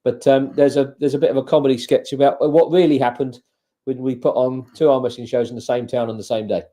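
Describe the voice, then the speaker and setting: A man co-hosting a casual livestream chat, enthusiastic and quick with short words of praise. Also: medium pitch, steady tone, mellow. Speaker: arm wrestling promoter and co-host.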